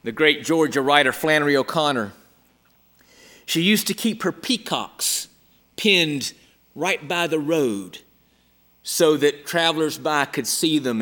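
A man preaching a sermon, emphatic and dramatic, moving from loud exclamations down to hushed near-whispers. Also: a little high.

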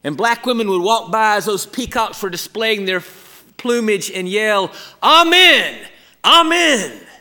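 A man preaching a sermon, emphatic and dramatic, moving from loud exclamations down to hushed near-whispers. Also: high voice, normal speed, hardly any pauses.

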